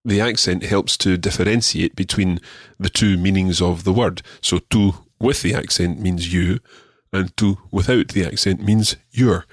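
A man teaching a radio language lesson, patient and encouraging, repeating words slowly for the learner. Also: deep voice, husky, dry recording, studio quality.

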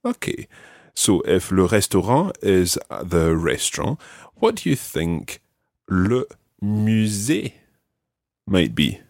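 A man hosting a language-learning podcast, teaching patiently and modelling words clearly for the listener. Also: sits low, huge pitch swings, unhurried, a little mellow, dry recording, studio quality. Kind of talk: language lesson with an ad read.

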